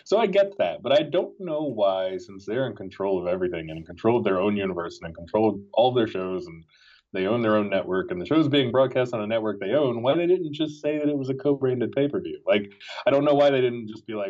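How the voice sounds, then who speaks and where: A man's voice: medium pitch, lively intonation, fast, darkish tone. A man who is a wrestling writer, a guest in a casual podcast conversation, wry and sarcastic and repeating phrases for emphasis. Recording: dull lo-fi audio.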